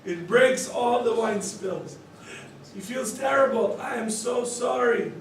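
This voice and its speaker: Man, rabbi telling teaching stories, acts out characters, quizzes listeners, fairly high voice, booming echo, mic far away. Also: slow pace, a little hiss or hum. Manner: animated storyteller who acts out the characters' quoted lines; quizzes listeners with questions and chuckles. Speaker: rabbi teaching a study group. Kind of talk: lecture told through story cases. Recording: very echoey room, voice from far off.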